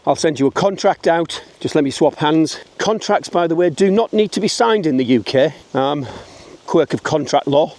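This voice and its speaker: Man, British English accent, middle-aged, fairly high voice, blunt joking vlog talk, slightly breathless outdoors. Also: a little mellow. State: out of breath going uphill. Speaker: wedding photographer. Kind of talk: casual walking vlog to camera. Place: outdoors, walking uphill.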